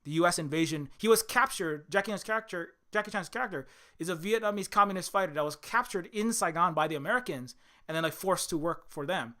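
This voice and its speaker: Male video commentator, rambling delivery full of fillers, bright tone. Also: sits high, quick pace. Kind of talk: casual film commentary.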